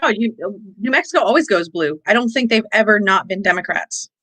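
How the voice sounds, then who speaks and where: A woman's voice: mid-range voice, animated, fairly quick, bright, forceful tone, low-quality recording. A woman in her twenties, a guest on a casual livestream chat, speaking with a dry, sarcastic edge. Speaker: stream guest.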